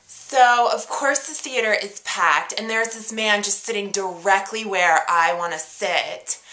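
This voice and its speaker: A woman's voice: medium pitch, unhurried, sharp tone, reverberant, faint music behind. A woman playing an indignant young actress who rants in a projecting, over-enunciated, dramatic way. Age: young adult. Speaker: comic video diarist. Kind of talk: scripted comedy character monologue.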